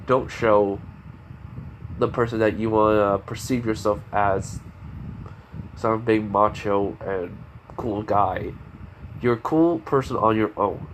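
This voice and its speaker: A man's voice: lowish voice, a little hiss or hum. A man voicing a cocky, teasing young male mentor who gives blunt, casual advice in a plain speaking voice.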